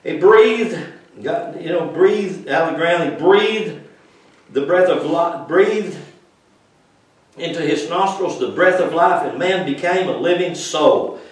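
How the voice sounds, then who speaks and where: A man preaching an informal sermon, moving between loud emphatic passages and quiet explanation, with folksy grammar. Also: a little high, slow pace. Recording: echoey room, mic far off.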